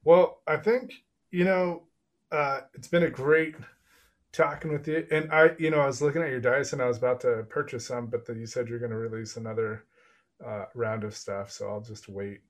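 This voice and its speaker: A man's voice: medium pitch, steady tone, moderate pace. A man from Texas hosting a podcast, chatting casually and telling stories. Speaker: podcast host. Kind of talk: casual chat.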